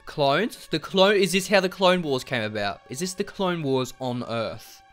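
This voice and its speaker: Young male let's-player, swears freely, self-mocking humor, lively voice, some music underneath. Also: on the high side, unhurried. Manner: profane, self-deprecating, jokey. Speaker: let's play gamer. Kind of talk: casual gaming commentary.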